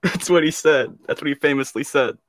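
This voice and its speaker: A man's voice: fairly high pitch, fairly quick, a bit bright, dry recording. A young man co-hosting a casual chat with friends, easygoing and laughing along. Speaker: podcast co-host.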